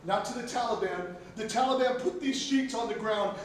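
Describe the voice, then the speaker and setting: A middle-aged man, a football coach, giving a motivational pregame speech, telling the story animatedly and swinging from loud bursts to hushed lines. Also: very high-pitched, normal speed, hardly any pauses. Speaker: football coach and guest speaker. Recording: echoey, distant mic, noisy.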